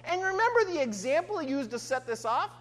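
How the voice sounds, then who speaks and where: A woman's voice: sits high, big pitch swings, fairly quick. A woman preacher delivering a sermon in an emphatic way, often asking her listeners "right?". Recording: long hall reverb, faint hum.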